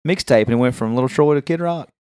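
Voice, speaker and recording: A man in his thirties rambles through a casual story and slips into the voices of the people he quotes. His pitch sits in the middle range, and the recording is dry and close with no room sound. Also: fast talker, a little mellow, smooth, dry recording. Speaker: podcast co-host.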